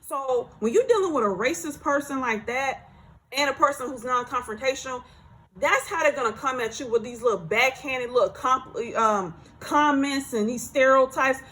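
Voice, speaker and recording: A woman telling a workplace story in a casual storytime monologue, animated and repeating herself as she acts out what others said. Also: high voice, moderate pace, poor audio.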